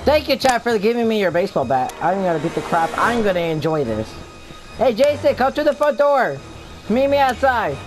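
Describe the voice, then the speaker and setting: A man yells taunts and trash talk while he plays, his commentary loud and excitable. Game music runs clearly underneath his voice. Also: sits high, fairly quick. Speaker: gamer. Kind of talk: gameplay commentary.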